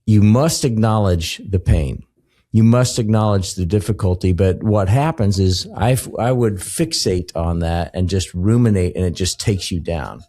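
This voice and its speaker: A man speaking as a podcast guest, reflective and earnest, with drawn-out exclamations. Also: deep voice, warm tone. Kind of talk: podcast conversation.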